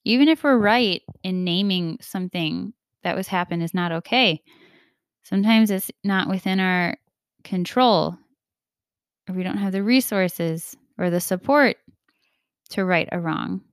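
A woman's voice: lowish voice, a little slow, smooth, no echo, studio quality. A woman hosting a podcast, talking in a casual, earnest, confiding way and acting out the voices she quotes. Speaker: podcast host. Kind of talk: casual reflective monologue.

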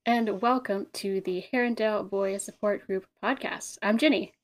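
A woman's voice: medium pitch, steady tone, moderate pace. A woman co-hosting a podcast in casual chat, playful and laughing often. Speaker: podcast co-host.

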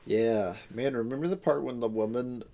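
A man's voice: mid-range voice, moderate pace, a crowd in the background. A man co-hosting a podcast, chatting casually about a film with sarcastic, mock-dramatic asides. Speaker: podcast co-host. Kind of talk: casual movie review chat.

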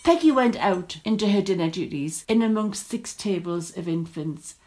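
Lady reading out a story, steady and descriptive, mid-pitched voice. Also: moderate pace.

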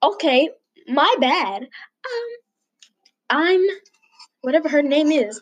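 Woman, casual chat, blunt, hesitant, lots of fillers, high lively voice. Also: slow pace, poor audio. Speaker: co-host giving opinions.

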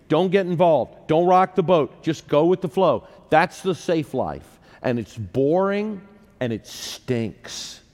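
A man in his sixties delivering a sermon in a church, telling personal stories with humor and poking fun at himself. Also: high-pitched. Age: 60s. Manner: humorous, self-deprecating storyteller. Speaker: preacher. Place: church sanctuary. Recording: long reverb of a large hall.

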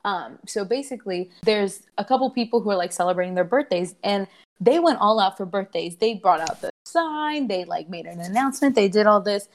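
A young woman in her twenties tells a wild night-out story to friends, her voice jumping up whenever she acts out someone else's lines. She talks casually and loosely, with plenty of filler words, and her pitch sits in an ordinary middle range. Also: a little fast. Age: 20s. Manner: animated, quotes people with big voice swings. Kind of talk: casual group chat.

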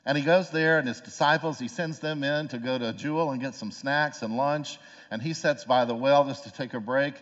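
A man's voice: medium pitch, moderate pace, a bit bright. Man preaching in an echoing hall. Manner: conversational preaching with rhetorical questions. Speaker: pastor. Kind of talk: sermon. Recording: long hall reverb, dull lo-fi sound.

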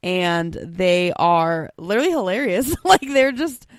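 A young woman co-hosting a casual chat, talking fast with lots of "like" and little laughs. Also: fairly low pitch, big pitch swings, no echo, studio quality. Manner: chatty, quick, full of "like" and little laughs. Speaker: co-host.

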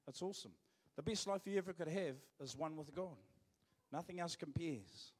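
A man's voice: on the high side, normal speed, a little mellow, slightly rough, long reverb tail. A man with a New Zealand accent, preaching a sermon as pastor in a joking, conversational way. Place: church.

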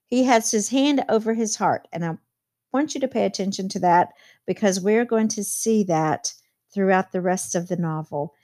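A woman's voice: mid-range voice, normal speed, dark tone. A woman teacher explaining a novel chapter to her students, reading quotes aloud and adding plain commentary.

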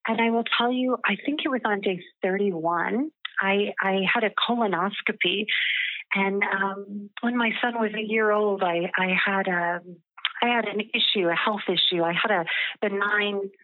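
A woman's voice: mid-range voice, steady tone, normal speed, dry recording. Earnest woman over a tinny line. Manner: earnest, gentle, with restarts. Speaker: guest. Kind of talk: casual personal storytelling. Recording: tinny phone line, dry.

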